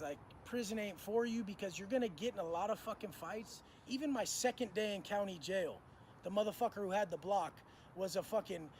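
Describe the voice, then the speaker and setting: A man's voice: high voice, a little hiss or hum. A man telling prison stories in casual, profane street slang, acting out what people said. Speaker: storyteller recounting prison life. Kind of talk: casual storytelling monologue.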